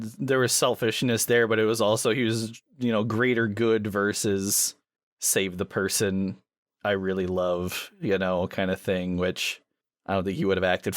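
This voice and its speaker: A man co-hosting a podcast in casual chat, enthusiastic and quick to act out lines he quotes. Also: lowish voice, no room sound, studio quality. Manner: enthusiastic, acts out quotes in shifting voices. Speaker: podcast co-host.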